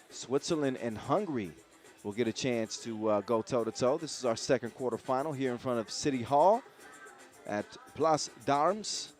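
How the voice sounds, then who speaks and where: Chatty male sports commentator. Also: mid-range voice. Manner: chatty and joking between plays. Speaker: play-by-play commentator. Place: outdoor event in a city square.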